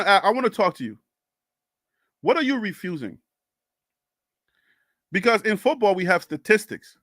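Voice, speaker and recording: A man with a Liberian English accent on a sports live stream, answering chat comments in an animated, exasperated way and repeating his questions. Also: high voice, no room sound, studio quality.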